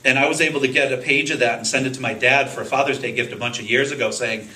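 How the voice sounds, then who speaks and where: A man's voice: mid-range voice, fairly even intonation, fast, sharp tone, slight background noise, low-quality recording. A man on a convention panel eagerly telling a personal story with self-deprecating humor, quoting the people in it. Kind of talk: casual storytelling to a panel audience.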